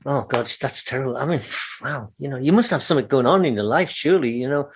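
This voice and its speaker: Husky man reacting in podcast chat. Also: mid-range voice, lively intonation. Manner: quick to react, exclaims and laughs along. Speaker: podcast co-host. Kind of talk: casual chat.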